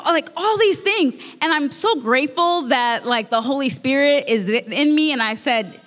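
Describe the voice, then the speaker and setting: Woman, fairly high voice, earnest emotional testimony, frequent restarts, long hall reverb. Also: expressive, moderate pace, a bit bright. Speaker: speaker sharing a communion message. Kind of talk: personal testimony at a church service.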